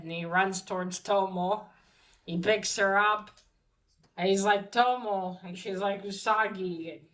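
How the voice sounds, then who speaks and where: A woman recaps a story at an unhurried pace, stopping often to search for words with many fillers. Her medium voice carries a noticeable room echo. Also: mid-range voice, fairly bright tone. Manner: hesitant, many fillers and restarts. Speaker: podcast host recapping a comic. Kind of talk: casual spoken recap. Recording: echoey room.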